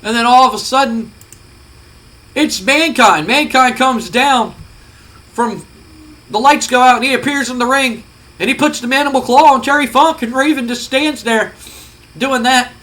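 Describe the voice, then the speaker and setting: Bright, high-voiced man recapping a game. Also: moderate pace, long pauses, rough recording. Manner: rambling, profane, conversational. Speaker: let's play host. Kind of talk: casual game commentary.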